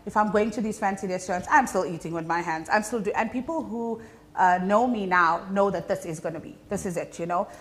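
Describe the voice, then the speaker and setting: A woman's voice: mid-range voice, fairly quick. Chatty South African Indian woman. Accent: South African Indian English. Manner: animated, chatty storytelling with frequent fillers. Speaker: comedian guest. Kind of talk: casual interview chat.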